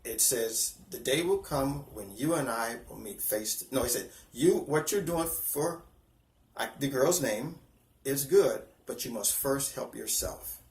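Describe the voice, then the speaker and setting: A man in his fifties sharing a personal spiritual testimony, earnest and halting, often restarting his sentences and close to tears. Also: medium pitch, creaky, reverberant. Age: 50s. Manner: earnest, halting, with repeated false starts.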